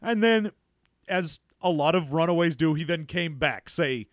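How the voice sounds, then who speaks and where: A man co-hosting a casual movie recap chat, animated and acting out lines in funny voices. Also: a little high, measured pace, dry recording, studio quality. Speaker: podcast co-host.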